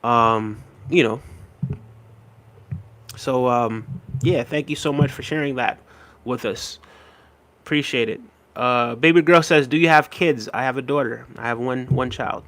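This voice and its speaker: A man hosting a live stream, reading viewer comments aloud and answering in a relaxed, chatty way with lots of "um" and "you know what I mean". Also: mid-range voice, a little slow, pauses often. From Jamaica.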